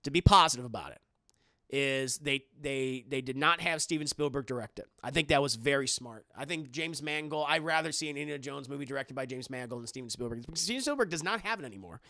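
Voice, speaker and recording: A man's voice: mid-range voice, fast, creaky, sharp tone, no echo, clean studio sound. A young adult man on a live stream, chatting casually and reacting to viewers' comments in a rambling way, often restarting his sentences.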